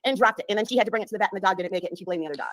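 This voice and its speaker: A woman in her fifties ranting fast and profanely on a livestream clip, taunting the people she talks about. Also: mid-range voice, over a noisy crowd. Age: 50s.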